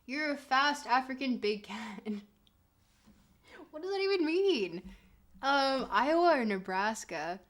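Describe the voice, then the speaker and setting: A woman's voice: high voice, big pitch swings, slow, pauses often. A woman streaming a geography game, reading chat aloud and reacting with laughter and mock outrage. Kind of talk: casual game stream commentary.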